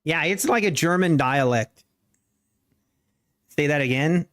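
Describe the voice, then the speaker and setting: A man's voice: on the high side, expressive, a little slow, a bit bright. A man with a Pennsylvania Dutch accent, a native speaker of that dialect, hosting a live day-trading stream and joking casually with his viewers. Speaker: day trading livestream host.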